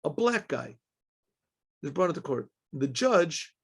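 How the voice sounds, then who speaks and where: Rabbi guy giving a torah class, high voice with a gravelly rasp, keeps restarting and clearing his throat. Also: sing-song, unhurried. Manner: asks and answers his own questions.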